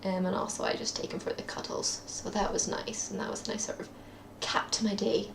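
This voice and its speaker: Young Scottish woman with a gravelly voice. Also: medium pitch, little pitch movement, a little fast, roomy sound, a little hiss or hum. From Scotland. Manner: rambling and self-deprecating, many ums. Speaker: vlogger. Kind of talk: casual daily video diary. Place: at her parents' home, indoors.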